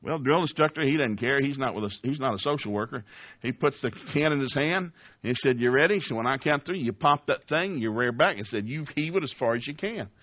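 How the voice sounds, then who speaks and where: A man in his sixties preaching a sermon with folksy, animated storytelling. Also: mid-range voice, fairly quick, no room sound. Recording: dull lo-fi audio.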